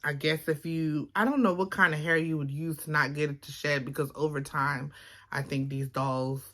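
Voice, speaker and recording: A woman's voice: sits low, steady tone, normal speed, fairly bright tone. A woman from Baltimore with a Baltimore accent, chatting casually to her phone camera at home, rambling with lots of fillers. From Baltimore, Maryland. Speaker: vlogger. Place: home, indoors.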